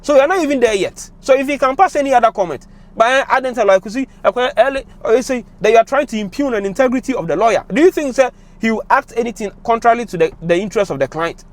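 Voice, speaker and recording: A man's voice: very high-pitched, animated, fast talker. A young Ghanaian man speaking with a Ghanaian accent, giving emotional, impassioned commentary that switches between English and Twi. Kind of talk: passionate commentary to camera.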